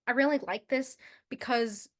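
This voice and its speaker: A woman's voice: a little high, normal speed. A young woman hosting a book vlog, chatting casually and gushing over favorite quotes, often restarting her sentences. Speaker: book vlogger. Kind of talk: casual book review chat.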